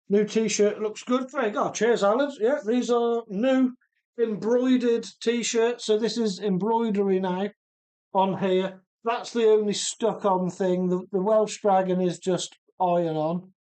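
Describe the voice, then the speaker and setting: His voice is high, smooth and a touch dark in tone. This man hosts a radio-controlled car live stream in his home workshop, chatting easily and often laughing as he goes through viewer comments.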